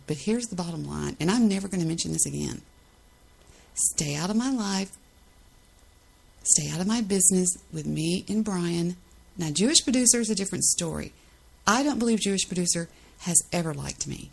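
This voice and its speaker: Woman podcast host, gravelly and husky, low-pitched, indignant defensive rant. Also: darkish tone, poor audio. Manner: indignant, defensive, repeats phrases for emphasis. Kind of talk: ranting monologue.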